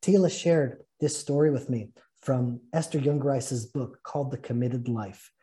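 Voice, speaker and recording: Speaking a little slowly in a dark, mid-range voice, a man leads a spiritual fellowship session. Earnest and full of feeling, he tells and reads aloud a story.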